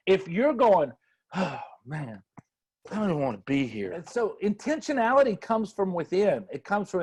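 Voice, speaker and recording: Husky high-voiced motivational speaker. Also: male voice. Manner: folksy, emphatic, repeats phrases. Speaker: sales trainer. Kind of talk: motivational talk with anecdotes.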